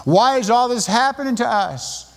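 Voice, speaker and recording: A man's voice: extremely high pitch, lively intonation, moderate pace, creaky, pitched above the performer's own voice, heavily acted. A man voicing an exasperated male leader who whines and pleads as he complains to God, with a long reverb like a large hall. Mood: whining exasperated. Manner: whining, pleading.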